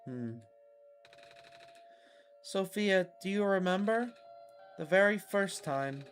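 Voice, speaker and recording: A man voicing a gentle, lost child from another world, reading the game dialogue aloud in a soft, subdued way. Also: sits high, takes it slowly, soft background music. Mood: wistful.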